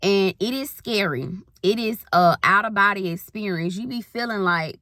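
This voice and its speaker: A woman's voice: medium pitch, moderate pace, pushed and bright, no echo, studio quality. A woman in her thirties, a spiritual life coach, giving a rambling, folksy pep talk in casual Southern slang. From Southern US countryside. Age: 30s.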